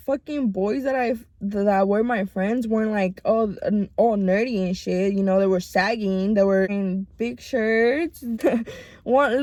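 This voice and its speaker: A woman's voice: on the high side, no room sound. Profane, rambling young woman vlogger. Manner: profane, rambling, animated retelling. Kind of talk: casual storytime chat. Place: home.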